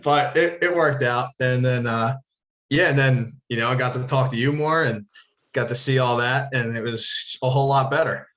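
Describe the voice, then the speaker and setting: Man from the Philly area, mid-pitch voice, loose and profane, rambles and restarts mid-sentence. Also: moderate pace, a bit bright. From Philadelphia area. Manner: rambling, profane, self-correcting. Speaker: podcast co-host, former ballplayer. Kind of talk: casual storytelling.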